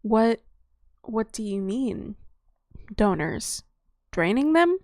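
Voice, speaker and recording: A woman's voice: a little high, big pitch swings, takes it slowly, a little mellow, no echo, clean studio sound, exaggerated voice. A woman voicing a curious, bewildered young human woman who asks hesitant questions. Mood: puzzled.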